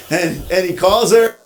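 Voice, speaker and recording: Man, a little high-pitched, ceremony speech, storytelling, repeats and restarts. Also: noisy background. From Connecticut, US. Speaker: event speaker. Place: outdoor ceremony.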